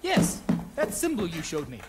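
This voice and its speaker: A man's voice: high-pitched, wildly swooping pitch, normal speed. An actor playing an eccentric, breezy male scholar, from an old film soundtrack. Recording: echoey noisy film audio.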